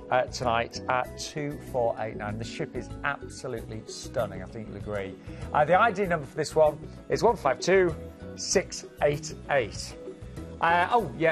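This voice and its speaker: A man co-presenting on a live TV shopping channel, brisk and salesy as he runs through prices and perks. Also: a little high. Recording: music bed under the voice.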